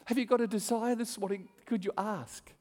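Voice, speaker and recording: Brisk and high-pitched, a man delivers a sermon as a pastor, performing the characters' voices in his story and laughing frequently. The recording carries a long hall reverb.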